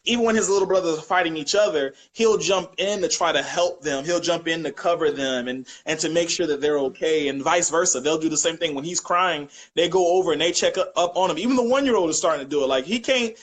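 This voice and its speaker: A young man chatting as a podcast guest, telling lively family stories and acting out quotes with laughter. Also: a little high, fast, few pauses, low-quality recording. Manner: animated storyteller, acts out quotes with laughter. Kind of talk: casual chat.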